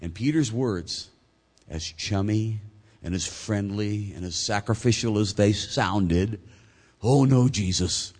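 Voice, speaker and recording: A male pastor delivering a sermon, swinging between loud emphatic points and quiet, low asides. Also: breathy edge.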